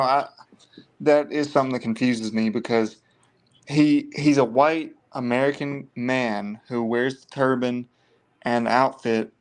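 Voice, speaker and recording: A man chatting casually about a film, recounting favorite scenes in a relaxed, easygoing way. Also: mid-range voice, clean tone. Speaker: movie podcast co-host.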